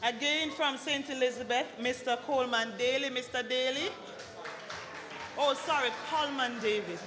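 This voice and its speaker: A woman hosting an awards dinner, calling up recipients with playful jokes and quick apologies for her slips. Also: sits high. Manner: lively, joking, apologizes for slips. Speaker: awards ceremony host. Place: banquet hall at an awards dinner. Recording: long hall reverb with loud music.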